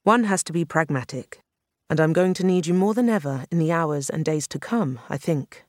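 A reader playing a male government minister, forceful and urgent as he takes charge. His voice pushes up in pitch and loudness. The sound is dry and close. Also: normal speed, no echo, natural voice. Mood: exasperated. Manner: taking charge, urgent and appealing.

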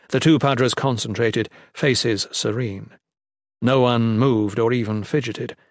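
A man reading a fantasy story aloud in an even storytelling delivery. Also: fairly low pitch, dry recording, clean studio sound. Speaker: audiobook narrator. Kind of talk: scripted fantasy narration.

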